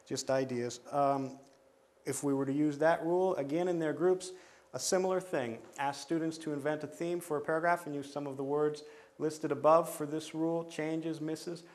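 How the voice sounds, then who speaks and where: A man's voice: on the high side, a little mellow. A man training teachers, explaining pronunciation rules step by step in a methodical way, with frequent fillers and restarts. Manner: methodical, repeats steps, many fillers and restarts.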